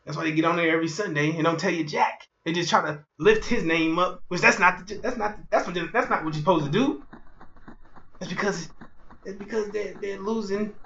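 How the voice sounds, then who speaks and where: A man preaching a fiery street sermon, repeating himself and jumping between loud outbursts and low murmurs. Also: a little fast, gravelly, lo-fi sound. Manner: repetitive, rhetorical, keeps asking "you see".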